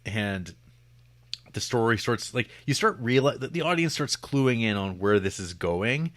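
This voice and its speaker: A man's voice: medium pitch, expressive, measured pace, a bit bright, no room sound. A man co-hosting a podcast, reviewing a film in a rambling, jokey, casual way into a podcast mic. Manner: rambling, jokey, lots of fillers and restarts. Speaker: podcast co-host.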